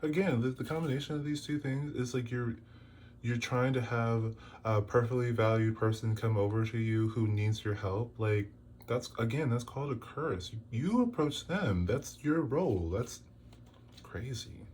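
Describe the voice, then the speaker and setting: A man's voice: mid-range voice, normal speed, a little mellow, slight background noise. A man giving a casual tarot reading to camera, exasperated and scolding, with lots of rhetorical questions. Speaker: tarot reader.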